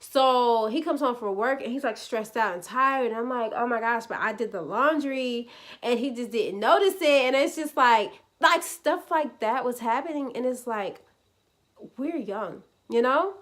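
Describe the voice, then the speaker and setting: A woman's voice: on the high side, animated, a little slow. A woman in her twenties casually telling a personal faith story to viewers, chatty and full of "like" fillers. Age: 20s. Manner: chatty, many "like" fillers, speaks to viewers as "y'all". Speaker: vlogger sharing a personal testimony.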